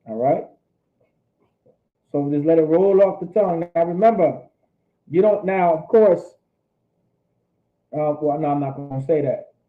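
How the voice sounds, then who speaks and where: A man teaching a language lesson, repeating phrases slowly and explaining them. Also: a little high. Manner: slow, repetitive drilling of phrases. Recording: tinny phone-like audio.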